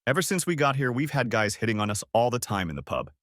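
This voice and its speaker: A man's voice: mid-range voice, big pitch swings, fast, a bit bright, no echo, studio quality. A male narrator voicing a frantic, insistent female friend who talks bluntly and with exasperation, in an audiobook reading. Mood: exasperated. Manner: pressing, exasperated.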